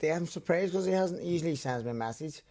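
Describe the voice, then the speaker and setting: Northern Irish man trading quick banter. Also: a little high, expressive, darkish tone. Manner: quick interjections, loose storytelling. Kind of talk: casual chat.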